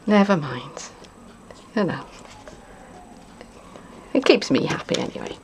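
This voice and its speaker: A woman's voice: lowish voice, big pitch swings, takes it slowly, slight background noise. A woman demonstrating card making in a casual craft tutorial, chatty and thinking aloud with playful asides. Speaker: papercraft demonstrator.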